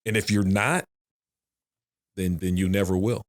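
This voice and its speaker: A man's voice: sits low, fairly even intonation, a little slow. A middle-aged man in casual podcast chat, rambling and repeating himself, swearing now and then. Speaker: podcast guest.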